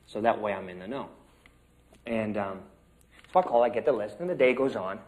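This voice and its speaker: A man's voice: fairly low pitch, a little fast, a little mellow, low-quality recording. A man, an acting student, telling a casual story to a class, chatty and a bit salty with plenty of fillers.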